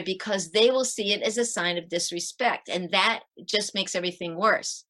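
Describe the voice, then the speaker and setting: A middle-aged woman on a video call, giving parenting advice in a lively interview and acting out her tips with sighs. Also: medium pitch, moderate pace, hardly any pauses. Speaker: parenting author guest. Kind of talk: animated interview talk.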